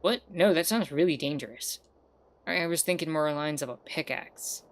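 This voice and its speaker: A woman doing a low easygoing sloth. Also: moderate pace, close to an everyday voice. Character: easygoing sloth who loves gold. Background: guitar music.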